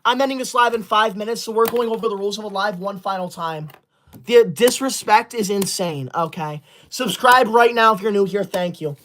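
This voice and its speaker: A performer playing a self-righteous young livestreamer who loves school, scolding the chat with indignant, sudden shouted outbursts into a close mic. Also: mid-range voice, normal speed, a little hiss or hum, lightly acted. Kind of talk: comedy sketch livestream.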